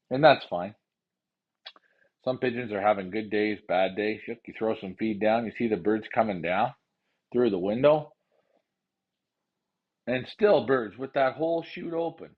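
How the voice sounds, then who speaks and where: A man hosting a pigeon racing show, ranting heatedly with lots of profanity and repetition, then calmly explaining how he handles his birds. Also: medium pitch, narrow, tinny audio. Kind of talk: casual livestream talk.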